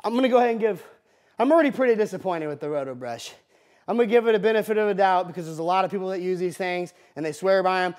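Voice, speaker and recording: An excitable man with a Midwestern American accent talks through a hands-on duct cleaning demo in a basement. His voice sits very high, and he is loud and jokey. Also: racing. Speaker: air duct cleaning expert.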